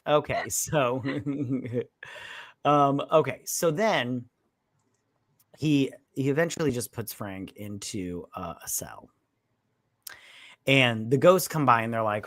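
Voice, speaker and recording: A man chatting loosely about a film, slipping into mocking voices for the characters and swearing as he goes. His voice sits at an ordinary pitch and sounds dry and close. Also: measured pace, dry recording. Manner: retells scenes in mocking put-on voices, swears freely. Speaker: podcast co-host. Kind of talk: casual drunk movie review chat.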